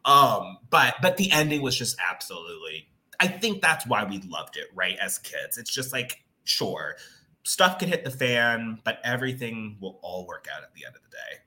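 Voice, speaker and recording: A man's voice: fairly low pitch, normal speed. A man co-hosting a podcast, chatting casually about a movie with lots of "like" fillers. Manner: animated, many "like" fillers. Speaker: podcast co-host. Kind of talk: casual movie recap chat.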